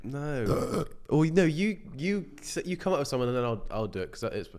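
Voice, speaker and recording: A man's voice: a little high, sing-song, fairly quick, darkish tone. A young man co-hosting a podcast, laid-back and teasing, a bit self-conscious. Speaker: podcast co-host. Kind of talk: casual chat.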